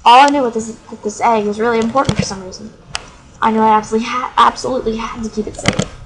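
A woman's voice: on the high side, steady tone, fast, close to an everyday voice. A woman voicing an amnesiac young man from a video game, earnestly recounting his lost past from the on-screen text. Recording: noisy home recording.

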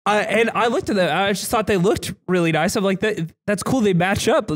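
High-pitched male host, giggly and self-deprecating, casual chat. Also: brisk. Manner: laughs often, self-deprecating, stumbles over words. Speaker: podcast co-host.

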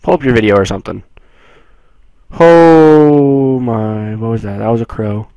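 A man's voice: on the low side, racing, vocal fry, dry recording, lo-fi sound. Jumpy young man playing a horror game. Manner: jumpy, excitable, swings from mumbling to yelling. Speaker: gameplay streamer. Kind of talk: casual gameplay commentary.

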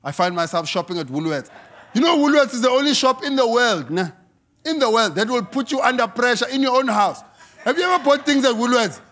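A man with a South African accent doing stand-up comedy, animated and acting out characters, shouting his punchlines. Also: extremely high pitch, fairly quick.

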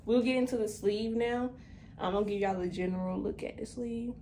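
This woman, a twenty-something vlogger, talks to her audience in a warm, brisk, mid-range voice, peppering it with "y'all" and plenty of fillers. She's a bit out of breath as she chats. Faint noise and echo from the room come through.

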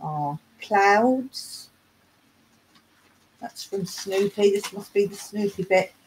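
A woman's voice: medium pitch, lively intonation, slow, a little hiss or hum, low-quality recording. A middle-aged woman from England, hosting a casual live chat, talking in a chatty way, reading aloud and singing snatches of songs. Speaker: livestream host.

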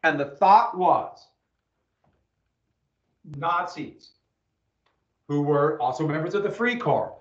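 A man's voice: fairly high pitch, lively intonation, slow pace, long pauses. A male history teacher lecturing an online class from home, rambling and breaking off to check his connection. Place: home room. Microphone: computer mic on video call. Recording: echoey dull video call audio.

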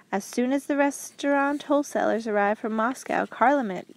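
A woman's voice: fairly high pitch, natural voice. A woman voicing a proud male prison warden in an audiobook, explaining things in a matter-of-fact way. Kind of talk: audiobook character reading.

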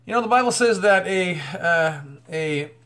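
A man's voice: sits high, animated, moderate pace, fairly bright tone. A man talking straight to camera in a religious commentary vlog, breaking into exclamations and repeating words as he goes. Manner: exclamatory, bursts of "oh" and "wow". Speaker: YouTube commentator.

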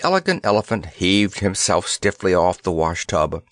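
A man narrating a children's fantasy audiobook in an expressive, storybook manner. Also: low voice, no echo. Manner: expressive, unhurried reading.

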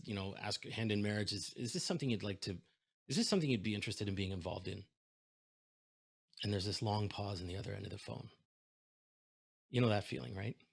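Animated man telling a keynote story. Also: fairly low pitch. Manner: animated storyteller, acts out both sides of phone calls. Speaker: keynote speaker.

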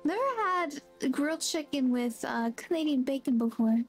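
A woman streamer chats casually while she plays, greeting viewers and reading out their messages. Her voice is high and friendly. Soft background music runs beneath her talk. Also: moderate pace. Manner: chatty, reads chat aloud, friendly greetings. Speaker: game streamer. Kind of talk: casual gameplay chat.

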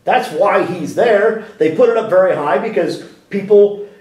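A man in a sit-down interview, talking with lots of energy, restarting his sentences and tossing out rhetorical questions. His voice sits a little high. It echoes around a library room because the mic is some distance away. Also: moderate pace. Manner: animated and talkative, with frequent restarts and rhetorical questions. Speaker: interview guest.

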